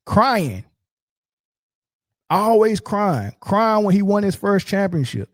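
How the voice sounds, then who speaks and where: A man hosting a sports commentary show, ranting in a mocking, profane and animated way. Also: high-pitched, slow, long pauses, dry recording.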